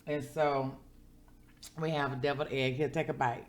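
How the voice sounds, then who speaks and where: A woman's voice: extremely low pitch, fairly even intonation, normal speed. A woman chatting casually to her viewers in an eating vlog, heartfelt and preacherly when she prays. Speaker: vlogger.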